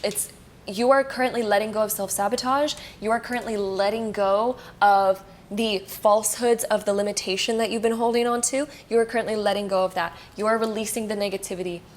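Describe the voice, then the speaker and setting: A tarot reader gives viewers a casual pick-a-card reading, talking fast and excitedly and reassuring them, with lots of "like" and "you know." Her voice is mid-range, and there's a little hiss or hum in the recording.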